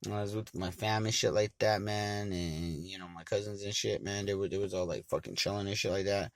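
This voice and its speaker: A man from Montana casually telling a rambling, profane story and getting loud and animated when he quotes people. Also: on the low side, a little fast, no echo. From Montana, United States.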